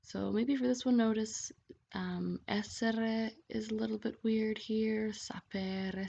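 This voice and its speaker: A woman's voice: medium pitch, fairly even intonation, takes it slowly, gravelly, dark tone, husky. A woman teaching grammar over slides, patient and checking in often with "okay?". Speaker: Italian language teacher. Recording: dull lo-fi voice-over with faint hiss.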